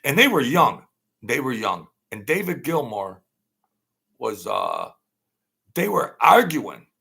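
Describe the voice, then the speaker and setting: A man hosting an unscripted live-stream chat, rambling and animated, laughing often as he talks. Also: mid-range voice, takes it slowly, vocal fry, slightly rough. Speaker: channel host.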